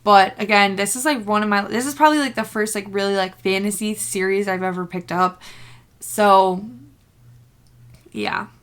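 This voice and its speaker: A woman's voice: mid-range voice, fairly even intonation, normal speed, a bit bright, clean tone. A young woman chatting in a casual book vlog, bubbly and rambling, full of fillers and laughter. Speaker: book vlogger. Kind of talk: casual reading-reaction vlog.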